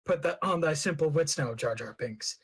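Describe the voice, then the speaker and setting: A man reading out the hidden thoughts of a clumsy-seeming alien who is secretly plotting, in slow, archaic verse. The voice is somewhat high and husky, and the reading stays measured and calm. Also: full character voice, low-quality recording. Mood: scheming.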